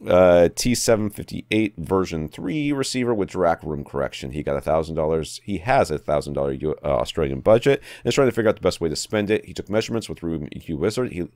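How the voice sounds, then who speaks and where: Man, very low voice, relaxed podcast co-host, dry sound. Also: fast, hardly any pauses, no room sound. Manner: relaxed, reads listener letters, laughs often. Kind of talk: casual technical chat.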